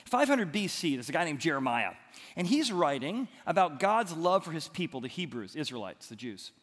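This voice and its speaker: A man's voice: fairly high pitch, very animated, moderate pace, a bit bright. A man, a pastor, giving a sermon in a conversational storytelling way with emphatic rises. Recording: long hall reverb.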